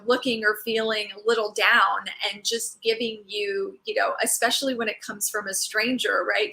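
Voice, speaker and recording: Bright, gravelly-voiced woman telling a story. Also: on the high side, low-quality recording. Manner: rambling, lots of fillers and restarts. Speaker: host sharing a personal story. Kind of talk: casual reflective storytelling.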